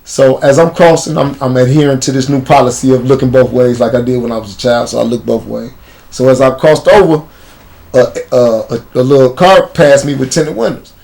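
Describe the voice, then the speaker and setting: Chicago man, mid-pitched voice, blunt street-slang storyteller for an interview guest spot. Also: fairly even intonation, fairly quick, gravelly, a little mellow. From United States.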